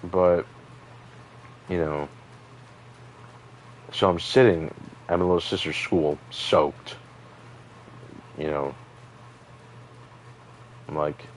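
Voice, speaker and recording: Young male gamer, very low voice, chatty and rambling; faint background noise. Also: fairly even intonation, very slow, long pauses, rough recording. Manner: chatty, rambling, lots of fillers and asides. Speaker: gaming streamer. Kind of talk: rambling story while playing a game.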